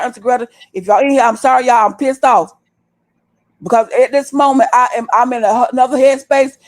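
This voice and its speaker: A woman over thirty-five, host of a livestream, scolding her viewers bluntly and with a lot of cursing. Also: high voice. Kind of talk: heated livestream rant. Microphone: desktop stream mic.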